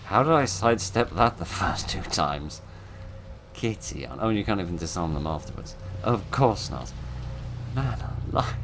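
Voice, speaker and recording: A man's voice: sits low, very animated, unhurried. A man, commenting on a horror game as he plays, rambling and self-mocking with dry humour. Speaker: gameplay commentator. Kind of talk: let's play commentary. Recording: noisy background.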